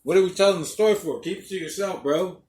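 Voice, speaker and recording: A man's voice: high-pitched, quick pace, darkish tone. A young man hosting a podcast alone, telling rambling, profane stories and laughing often. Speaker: podcast host. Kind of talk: casual monologue. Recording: echoey room, faint noise.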